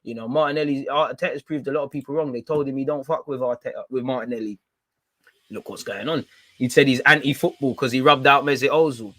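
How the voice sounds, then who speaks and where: London man, fan channel host, slangy excitable chat, dry close sound. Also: medium pitch, fast, no room sound. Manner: chatty, slangy, excitable, calls listeners "man". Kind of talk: casual fan reaction commentary.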